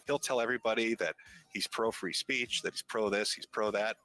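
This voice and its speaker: Male commentator, quick and punchy, lowish voice with a bright, forceful edge. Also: steady tone, soft background music. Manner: fast, emphatic, profane. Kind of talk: casual commentary.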